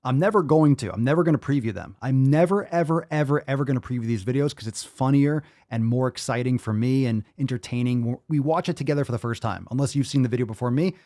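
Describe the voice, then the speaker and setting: A man's voice: medium pitch, fast, few pauses, dark tone, no room sound, clean studio sound. A man in his thirties hosting a podcast, ranting casually in an exasperated, profane way and repeating himself. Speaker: podcast host.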